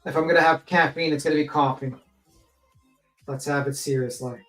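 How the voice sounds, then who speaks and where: A man's voice: a little high, steady tone, fairly quick, a bit bright, faint music behind, poor audio. A man in a casual livestream chat, rambling and joking, with frequent swearing and filler words.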